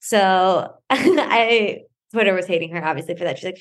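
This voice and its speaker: A woman co-hosting a podcast, chatting casually and retelling scenes with quick quoted voices. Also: medium pitch, expressive. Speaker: podcast co-host. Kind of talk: casual chat.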